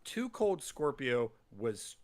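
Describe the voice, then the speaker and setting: A man's voice: mid-range voice, sing-song, slow. A man hosting a wrestling podcast, chatting casually in rambling jokes and acting out quotes in goofy voices. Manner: rambling, joking, acts out quotes in silly voices. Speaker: podcast host.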